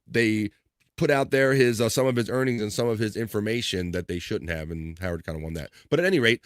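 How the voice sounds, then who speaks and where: A man hosting a casual live stream, rambling between clips and reading out chat names with easy laughter. His mid-pitched voice sounds close and dry, with no room around it. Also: brisk, dry recording. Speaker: live stream show host.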